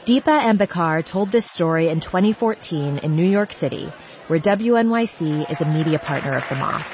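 Host with a lively, measured delivery. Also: medium pitch, crowd noise, noisy background. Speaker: radio show host. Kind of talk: scripted host introduction. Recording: muffled, with music and audience.

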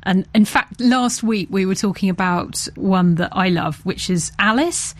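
A woman's voice: mid-range voice, measured pace. Playful chatty woman hosting. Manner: playful, chatty, laughs often. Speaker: podcast host. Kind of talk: casual science chat.

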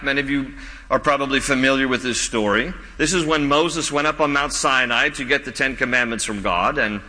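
A man preaching a sermon as pastor, animated, with joking asides and quick voices for the characters in the story. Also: medium pitch, long reverb tail, poor audio.

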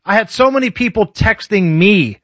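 A man with a high, light voice hosts a radio talk show in casual banter. His delivery is sardonic and joking. The sound is dry and close in a studio. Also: lively intonation, normal speed, a bit bright, no room sound.

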